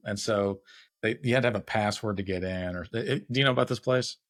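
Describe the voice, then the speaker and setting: A man's voice: lowish voice, quick pace, dry recording, clean studio sound. A man hosting a casual chat, a laid-back storyteller who acts out the people in his tales. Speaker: podcast host.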